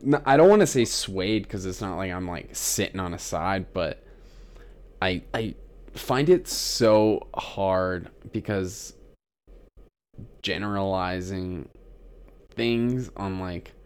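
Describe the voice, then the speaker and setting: A man's voice: deep voice, takes it slowly, clear, resonant tone. A man co-hosting a podcast in casual, rambling chat, laughing often. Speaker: podcast co-host.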